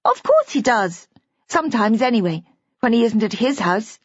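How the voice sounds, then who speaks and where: A woman voicing a bright, forthright little girl with an eager, chattering child voice. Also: a little high, sing-song, moderate pace, no echo, pitched above the performer's own voice. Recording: dull, dry lo-fi audiobook recording.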